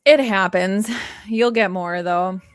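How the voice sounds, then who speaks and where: A woman's voice: mid-range voice, slow, smooth, no echo, studio quality. A woman hosting a casual livestream, chatting and laughing while she reads comments from viewers. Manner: chatty, laughs often, reads chat aloud. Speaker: livestream host.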